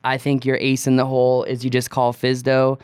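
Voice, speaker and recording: A man co-hosting a podcast, giving plain-spoken, animated advice in casual chat. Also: mid-range voice, fairly quick, clean tone, no echo, clean studio sound. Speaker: podcast co-host.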